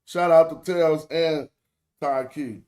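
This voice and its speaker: A man's voice: a little high, fairly even intonation, slow pace, darkish tone. A man hosting a casual online tutorial, talking loosely and slangily to his viewers and often correcting himself mid-sentence. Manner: slangy, chatty address to viewers. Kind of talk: casual screen-share tutorial.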